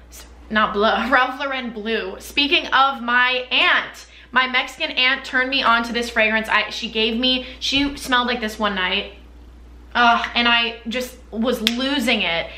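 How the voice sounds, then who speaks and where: A woman's voice: a little high, moderate pace, bright, forceful tone, roomy sound. A young woman chatting casually and candidly about her perfumes for a vlog, full of fillers. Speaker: beauty vlogger. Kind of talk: casual chat.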